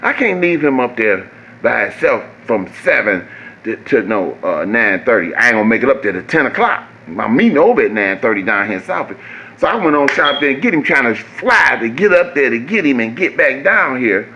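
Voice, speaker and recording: A man, telling a profane, animated story that jumps high when he gets exasperated. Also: brisk, dull audio. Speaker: vlogger. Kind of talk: casual storytelling.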